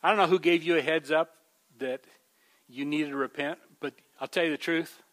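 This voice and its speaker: A man delivering a sermon with a bright, slightly high voice. He talks to his listeners as folks, restarting phrases as he goes, and presses his points with rising emphasis. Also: fairly even intonation, moderate pace. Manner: conversational preaching, frequent restarts, addresses listeners as folks. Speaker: pastor.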